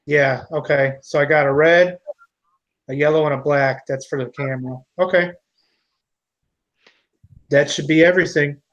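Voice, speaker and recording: A man with a slightly high voice talks himself through a task, asking questions as he goes. The sound is dull and lo-fi. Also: steady tone, normal speed, long pauses, a bit bright. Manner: thinks aloud, asks questions while working. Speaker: hobbyist building a drone on stream. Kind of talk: casual chat.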